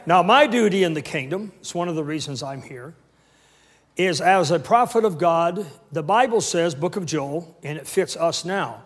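A man's voice: a little high, a little slow. A man in his sixties preaching a sermon with call-and-response and humorous asides. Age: 60s. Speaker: pastor.

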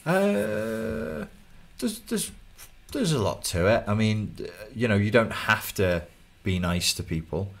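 A man with a Liverpool accent and a low-pitched voice, chatting casually as a coach. He tells stories in an animated way and slips into acted-out voices. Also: slow pace, gravelly. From Liverpool, England. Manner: animated storyteller, acts out voices. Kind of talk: casual podcast chat.

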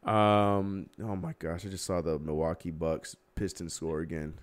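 Brief: young male stream host, lower voice, heated casual sports rant with laughs. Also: level tone, moderate pace. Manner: heated, ranting, laughing at himself. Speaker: livestream host. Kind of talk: casual sports talk livestream.

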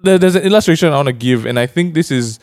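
A young man tells a story during a casual chat, laughing a lot and animatedly acting out what other people said. His voice is on the high side and he talks fast.

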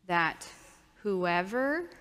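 Slow, bright-voiced woman leading children. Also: mid-range voice, sing-song. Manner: patient, coaching children to repeat after her. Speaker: children's minister. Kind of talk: children's sermon. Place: church sanctuary. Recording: long reverb of a church hall.

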